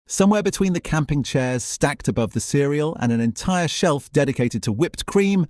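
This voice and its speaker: A man giving measured, scripted documentary narration. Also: fairly high pitch, no echo, studio quality. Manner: measured, even storytelling.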